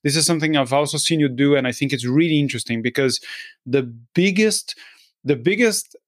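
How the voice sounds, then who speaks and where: A man's voice: fairly high pitch, brisk, dry recording, studio quality. A man hosting a podcast interview, thoughtful and fair-minded, often restarting his sentences. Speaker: podcast host.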